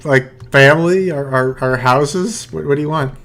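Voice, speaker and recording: A man's voice: on the high side, normal speed, fairly bright tone. A man voicing a timid, frightened male stable hand who stammers and pleads in a tabletop game. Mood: scared pleading.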